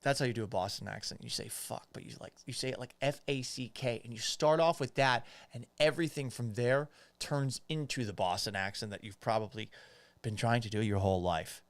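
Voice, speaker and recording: A man's voice: medium pitch, brisk, no echo. A man hosting a sports podcast, reading viewer comments and answering them in a blunt, joking, profane manner. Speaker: podcast host.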